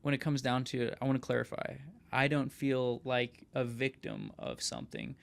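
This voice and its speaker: An earnest young man hosting a podcast, telling a personal story in a relaxed conversational way. His voice carries a gravelly, fry-laden edge at a medium pitch, and he keeps checking in with "right?". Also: normal speed. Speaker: podcast host and rapper.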